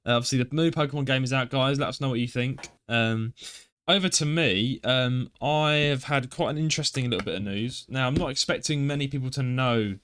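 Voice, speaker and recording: A man co-hosting a casual podcast, talking in a chatty, meandering way full of fillers and restarts. His pitch sits in an ordinary middle range. He sometimes reads a news article aloud between his own remarks. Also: a little fast, hardly any pauses, fairly bright tone. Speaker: podcast co-host.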